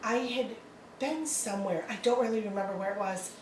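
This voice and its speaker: A middle-aged woman talking in a relaxed, rambling way, filling her pauses with ums and little laughs. She sits away from the microphone, so her voice carries a roomy echo. A faint hum of ambience sits behind her. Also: medium pitch, distant mic. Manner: rambling, hesitant, many ums and likes, laughs often. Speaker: adoptive mother, interview guest. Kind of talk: casual interview.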